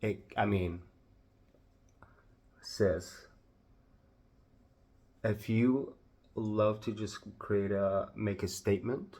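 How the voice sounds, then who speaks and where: A man with a Southern US accent narrating a makeup tutorial, gushing with drawn-out exclamations. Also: fairly low pitch, steady tone, warm tone. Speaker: makeup vlogger.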